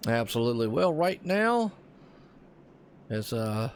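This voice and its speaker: A man's voice: mid-range voice, big pitch swings, slow, a little hiss or hum. A man with a Southern US accent doing laid-back, folksy play-by-play commentary on a sim racing broadcast. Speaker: race commentator.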